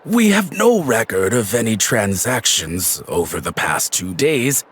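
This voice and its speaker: A courteous shop assistant. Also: male voice, fairly low pitch, big pitch swings, measured pace, a bit bright, breathy edge, heavily acted. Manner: polite, salesman-like. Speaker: game character. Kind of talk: video game voice acting. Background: music.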